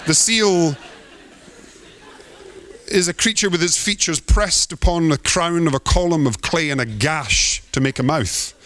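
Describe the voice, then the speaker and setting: A man's voice: fairly high pitch, fairly bright tone, dry recording. A man giving a theatrical, poetic performance talk as an artist on stage.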